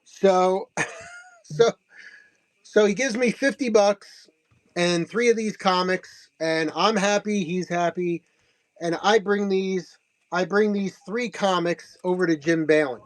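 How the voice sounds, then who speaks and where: A man's voice: high-pitched, slow pace, no room sound. A man casually showing off signed comics and prints, chatting and laughing as he tells the story, often repeating himself. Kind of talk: casual show-and-tell recap.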